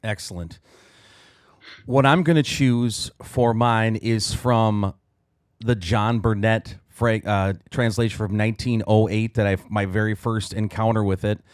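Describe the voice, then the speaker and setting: A man hosting a podcast discussion who speaks in a measured, deliberate way. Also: on the low side, steady tone, clear, resonant tone, dry recording, studio quality. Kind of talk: casual discussion.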